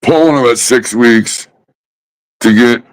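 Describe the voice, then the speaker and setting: A man ranting casually about smoking habits, swearing constantly and mocking others with drawn-out pauses. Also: medium pitch, rough recording. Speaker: host. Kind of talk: casual profane rant.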